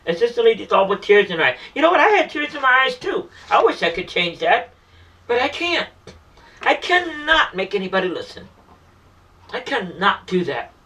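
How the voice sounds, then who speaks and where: A man's voice: very high-pitched, very animated, normal speed, sharp tone, recorded from a distance, low-quality recording. A man delivering an emotional, pleading monologue about faith and the meaning of life, repeating himself often. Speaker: self-styled spiritual messenger.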